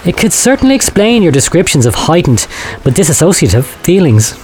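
A man's voice: on the high side, big pitch swings, normal speed, darkish tone, soft background music. A man playing a sinister manipulative doctor. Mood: insinuating. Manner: smooth, insinuating, menacing. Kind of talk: comic audio drama.

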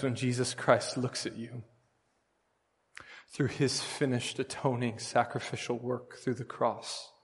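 A pastor preaching a sermon, earnest and storytelling, with emphatic bursts. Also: male voice, mid-range voice, long reverb tail.

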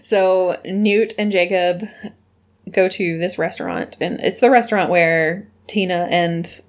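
A woman in casual chat, recapping a film with quick asides. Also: lowish voice, expressive. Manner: chatty, quick asides, puts on voices for quotes.

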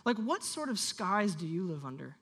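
A pastor preaching to a church congregation, animated and leading the room in call-and-response. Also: mid-range voice, normal speed, breathy edge. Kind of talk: sermon.

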